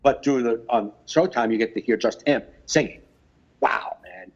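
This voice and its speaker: A male podcast co-host who rambles through his stories, breaking into animated bits of mimicry. His voice sits at a middle pitch, and the audio is a little dull and lo-fi. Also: moderate pace, gravelly. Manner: rambling, animated storytelling with impressions. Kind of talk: casual chat.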